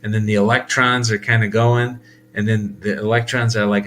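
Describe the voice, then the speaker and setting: Man, low voice, casual monologue, rambling with fillers, faint background music. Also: level tone, normal speed, fairly bright tone. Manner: rambling, many fillers and restarts, laughs often. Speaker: host.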